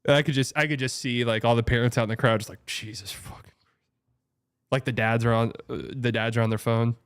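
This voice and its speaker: A man's voice: mid-range voice, little pitch movement, fast talker, clean tone. A young man hosting a casual livestream, rambling through a story, laughing often and swearing. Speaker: streamer and show host.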